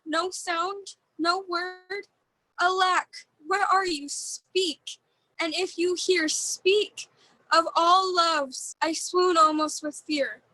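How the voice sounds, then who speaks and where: A woman playing the young maiden Hermia, delivering verse slowly and carefully in a community theatre reading. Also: very high voice, fairly even intonation, bright, forceful tone, no echo, heavily acted, low-quality recording. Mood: frightened.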